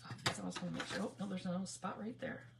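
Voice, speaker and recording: A woman's voice: medium pitch, steady tone, rapid-fire, very noisy. A middle-aged woman from Michigan hosting a craft livestream, chatty, laughing often and greeting viewers by name. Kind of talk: casual livestream crafting chat.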